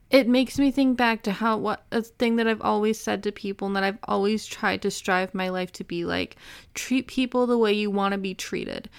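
A young adult woman hosting a podcast, speaking earnestly and emotionally in a personal monologue with halting restarts. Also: mid-range voice, clear, resonant tone, no echo, studio quality. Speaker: podcast host.

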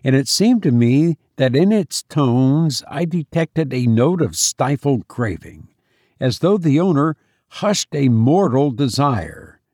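A man narrating an audiobook in a measured storytelling manner, close to the mic. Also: medium pitch, sing-song, darkish tone, no echo. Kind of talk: scripted narration.

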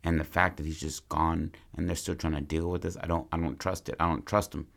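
A man's voice: low-pitched, level tone, brisk, creaky, a bit bright, exaggerated voice. A man voicing a somber, distrustful older brother in a retold scene. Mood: wary.

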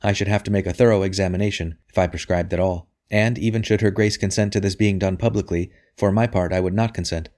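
A man's voice: sits low, steady tone, darkish tone, close to an everyday voice. A man reading a modest young priest. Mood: measured. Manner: modest and measured.

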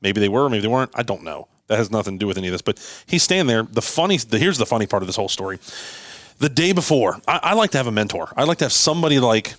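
A man telling a long story on a podcast as a guest, acting out what people said with lively jumps in voice and frequent restarts. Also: lowish voice, rapid-fire, no echo, studio quality. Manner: animated, acts out quoted dialogue, frequent restarts. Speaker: guest, landscaping business owner.

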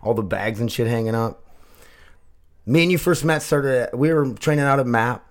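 A man's voice: medium pitch, normal speed. A man hosting a casual podcast and chatting with a guest in a martial arts gym. He rambles, swears a lot and uses many fillers and restarts. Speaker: podcast host.

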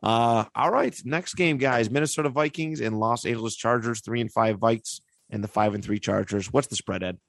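A man's voice: mid-range voice, moderate pace, gravelly, hardly any pauses, no room sound. A man hosting a casual sports podcast chat, laid-back and full of filler words. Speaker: podcast host.

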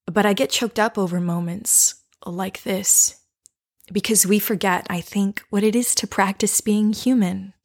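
A woman coach telling a personal story and guiding listeners to reflect, speaking softly and slowly and often dropping to a whisper. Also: mid-range voice, fairly even intonation.

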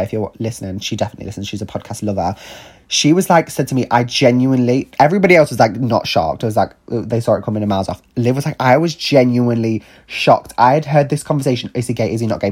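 A man's voice: lowish voice, warm tone, breathy edge. A young man telling a personal story in a chatty, candid podcast monologue, full of fillers and the odd swear. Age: young adult. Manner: chatty, candid, sweary, lots of likes and ums. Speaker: podcast host.

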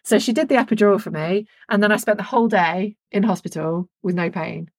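Frank, breathy woman. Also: mid-range voice, a little fast, no echo. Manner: candid, animated storytelling, swears freely. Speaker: podcast co-host. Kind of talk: frank casual chat.

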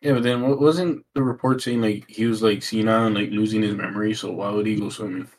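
A man's voice: lowish voice, steady tone, quick pace, slight background noise, low-quality recording. A man hosting a podcast, chatting casually and swearing freely. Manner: laughs easily, swears casually. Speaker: podcast host. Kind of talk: casual chat among friends.

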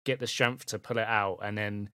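A man runs a tabletop game, describing the scene in a loose, rambling way full of fillers. His voice sits low. The sound is dry and close. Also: fairly even intonation, normal speed, bright, forceful tone, smooth, dry recording. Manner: loose, chatty narration with many fillers. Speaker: game master.

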